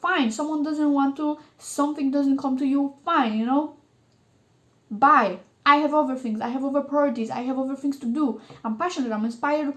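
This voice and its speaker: A woman with a high voice reads tarot cards for her viewers. She talks in an emphatic, coaxing way and keeps checking in with the listener. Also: fairly even intonation, moderate pace, a bit bright. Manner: emphatic, coaxing, repeats "okay?" often. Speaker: tarot reader. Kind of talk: tarot reading monologue.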